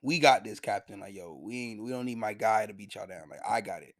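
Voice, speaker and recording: A man's voice: fairly low pitch, fairly quick, close to an everyday voice. A man doing a cocky, tough pirate first mate. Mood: confident. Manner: slangy, laid-back street talk.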